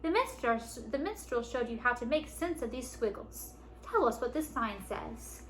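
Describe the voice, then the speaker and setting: A woman voicing a loud, blustering peasant father in a storybook read-aloud. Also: fairly high pitch, lively intonation, normal speed, a little hiss or hum, lightly acted. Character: bellowing gruff peasant father.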